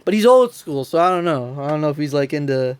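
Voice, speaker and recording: Laughing often as he talks, a young man co-hosting a podcast spins a profane, rambling story in a casual way. He speaks quickly and expressively in a slightly high voice, with a clean tone on a dry recording.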